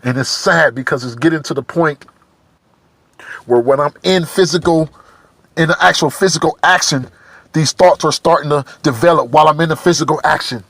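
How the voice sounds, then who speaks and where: Emotional man, bright dry voice. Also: fairly high pitch, gravelly, dry recording. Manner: halting, repetitive, searching for words. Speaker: vlogger. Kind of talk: personal confessional monologue.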